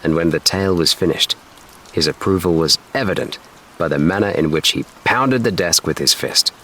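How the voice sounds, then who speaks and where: A man with a notably low voice reads a bedtime story aloud in a slow, steady, soothing manner. His delivery stays even and unhurried throughout. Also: slight background noise. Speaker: narrator. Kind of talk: calm bedtime story reading.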